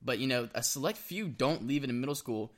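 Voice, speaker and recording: A man's voice: mid-range voice, lively intonation, brisk. Joking young man acting out texts. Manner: joking, acts out text messages in quoted voices. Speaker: co-host. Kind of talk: casual comedic chat. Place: indoor room with laptop.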